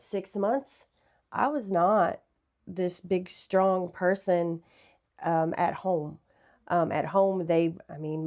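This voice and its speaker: A woman in her thirties, a guest in an interview, speaking candidly and reflectively. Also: lowish voice. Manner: candid, reflective, softly spoken. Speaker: guest sharing a testimony. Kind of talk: personal testimony in an interview.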